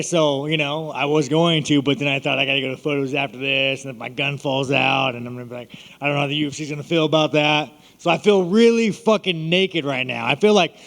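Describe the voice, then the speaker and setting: Here the same kind of casual media Q&A comes from an American fighter whose voice is a little high and a bit bright. He rambles, cracks jokes and curses constantly, and the room leaves a long reverb tail.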